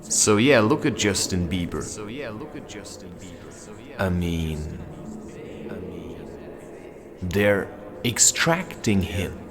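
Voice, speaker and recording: A man's voice: deep voice, big pitch swings, drawn-out words, long pauses, crowd noise. A man vlogging with a handheld camera as he walks through a forest at night, musing in a meandering, self-interrupting way. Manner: meandering, self-interrupting, talks while walking. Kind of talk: rambling spiritual musing.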